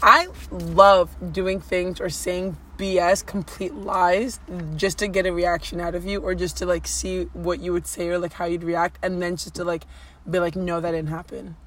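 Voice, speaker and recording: A woman's voice: on the low side, flat delivery, normal speed, a bit bright. A woman co-hosting a casual couple's podcast, talking in a loose, rambling way full of "like." She teases her partner playfully and keeps drifting back to her point. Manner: chatty, teasing, rambling with many likes. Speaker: podcast co-host.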